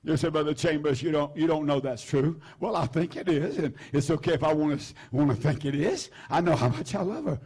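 A man's voice: fairly high pitch, brisk, hardly any pauses, darkish tone, breathy edge. An older man preaching a sermon, fervent and repetitive, filling his phrases with "uh" and "hallelujah". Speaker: pastor.

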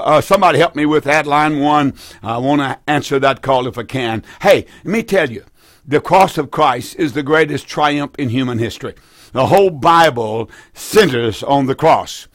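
A man's voice: a little high, fairly bright tone, dry recording, clean studio sound. A man hosting a call-in radio Bible program, preaching fervently with repeated phrases and frequent restarts. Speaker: radio Bible teacher taking calls.

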